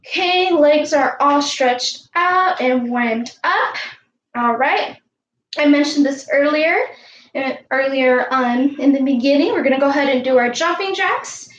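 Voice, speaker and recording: A woman coaching young girls through an online warm-up and lesson, counting aloud in an upbeat way and calling herself by name in the third person. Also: high-pitched, measured pace, lo-fi sound, a little hiss or hum. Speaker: youth sports coach. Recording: echoey room.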